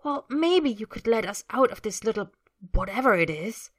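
A woman voicing a calm, curious young man who speaks quietly and reasonably in a storybook reading. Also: on the high side, normal speed, voice pushed up.

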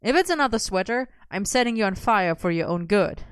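A woman's voice: mid-range voice, expressive, a little fast, clean tone, no echo, studio quality, close to an everyday voice. A woman reading a story and voicing a playful young man who teases his best friend dryly. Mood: teasing.

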